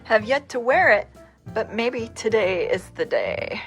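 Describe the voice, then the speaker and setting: Vlogging her day at home, a middle-aged travel vlogger from the Midwest chats and rambles easily. She speaks a little slowly in an expressive, fairly high voice while faint music plays behind her.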